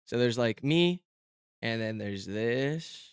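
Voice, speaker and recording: A man's voice: mid-range voice, animated, slow, clear, resonant tone, dry recording. Young male streamer, self-mocking rambler, close and dry sound. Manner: rambling, lots of fillers and restarts. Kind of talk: casual stream chat.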